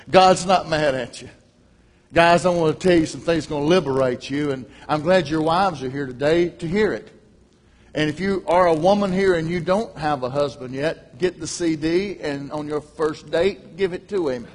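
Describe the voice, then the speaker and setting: A man's voice: a little high, normal speed. Folksy male preacher in an echoing church. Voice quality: loud, carrying voice. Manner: folksy, joking asides to the congregation. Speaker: guest preacher. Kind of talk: sermon. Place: large church. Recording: long hall reverb.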